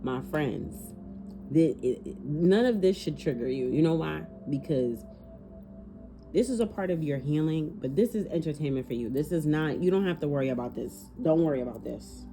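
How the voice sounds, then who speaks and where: Tarot reader, woman, low mellow voice, casual and fiery, curses a lot. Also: normal speed, soft background music. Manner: animated, swears freely, talks to spirit aloud. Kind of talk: casual spoken tarot reading.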